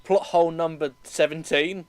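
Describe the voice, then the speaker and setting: A British man in comedic banter, animated and nitpicking the plot holes. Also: a little high, moderate pace, no room sound. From Britain. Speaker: co-host.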